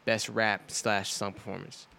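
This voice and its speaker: A man's voice: fairly low pitch, little pitch movement, unhurried, gravelly, sharp tone. A man co-hosting a casual podcast, reading details aloud with lots of fillers like "uh" and "like". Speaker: podcast co-host. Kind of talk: casual chat.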